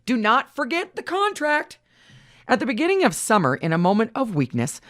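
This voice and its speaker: Expressive woman reading a storybook aloud. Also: mid-range voice, dry recording, clean studio sound. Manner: expressive, varied delivery. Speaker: reader.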